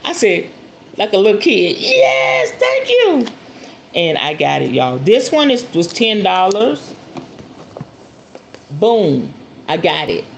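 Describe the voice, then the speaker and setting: A woman hosting her spiritual channel, chatting to viewers while she unboxes a purchase. She is animated and playful and often calls her viewers "y'all" and "honey.". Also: lowish voice, slow, pauses often, a little hiss or hum. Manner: excitable storyteller, acts out shop talk.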